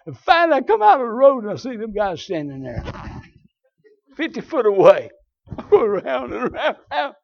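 A man with a Southern US accent preaching a sermon, telling folksy stories and swinging from low asides to shouted high points. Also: sing-song, a little fast, gravelly. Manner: folksy storytelling. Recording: dull lo-fi sermon recording.

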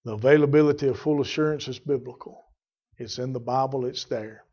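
A man preaching a sermon, fervent, rising to loud emphatic bursts. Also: mid-range voice, a little fast, dull audio. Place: church.

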